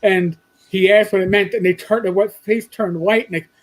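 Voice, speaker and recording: A man's voice: sits high, fairly even intonation, normal speed, rough recording. A man from New York with a New York accent, co-hosting a casual live-stream chat and reading out comments. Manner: chatty, trailing off and restarting, reading out comments. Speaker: co-host.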